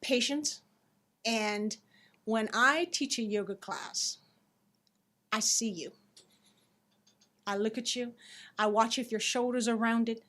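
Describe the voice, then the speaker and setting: A woman who teaches yoga, a guest on a talk show, telling stories in an earnest, expressive way. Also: on the high side, slow pace, long pauses. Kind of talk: casual interview chat.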